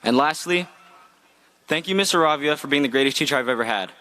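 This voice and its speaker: A man's voice: on the high side, fast talker, bright, forceful tone. A young man, a graduating student, giving an earnest, heartfelt graduation speech read from a script. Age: young adult. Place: outdoor graduation ceremony.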